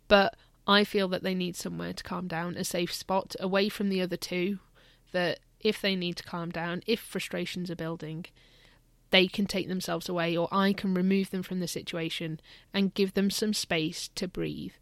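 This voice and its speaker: A woman's voice: lowish voice, fairly even intonation, moderate pace, gravelly, fairly bright tone, dry recording. A woman and mother telling a candid, reflective personal story in a casual parenting vlog.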